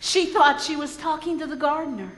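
A woman preacher with a high voice tells a story from the pulpit, earnest and reflective. She often repeats words as she gathers her thoughts. The room is roomy and echoing, with a long reverb trailing after her. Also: fairly quick. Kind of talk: sermon storytelling. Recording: echoey hall.

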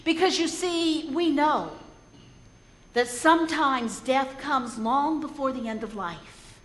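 A woman's voice: sits high, slow, fairly bright tone. A woman preacher retelling a story in a sermon, earnest and reflective, often repeating words as she goes. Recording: echoey hall.

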